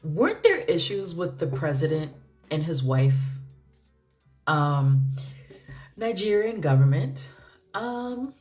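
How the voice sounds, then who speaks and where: A woman with a low-pitched voice gives a casual tarot reading, thinking aloud as she goes. She rambles in a chatty way, with plenty of fillers and frequent laughter. Soft music plays faintly underneath. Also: sing-song, slow, pauses often. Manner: chatty, musing, laughs often, many fillers. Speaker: tarot reader.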